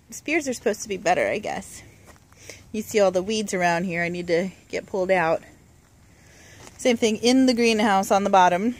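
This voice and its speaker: A young adult woman giving a casual, relaxed tour of her home garden outdoors, talking into a handheld camera with plenty of "uh" and "um". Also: mid-range voice. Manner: chatty and relaxed, with frequent "uh" and "um". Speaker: home gardener, channel host.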